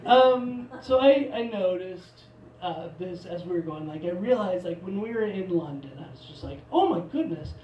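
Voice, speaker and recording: A man's voice: high-pitched, normal speed, a little mellow, slight background noise. A man from Portland doing a stand-up comedy set, rambling and self-mocking with many restarts. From Portland, Oregon. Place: theater stage. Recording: live theater mic, roomy, from a distance.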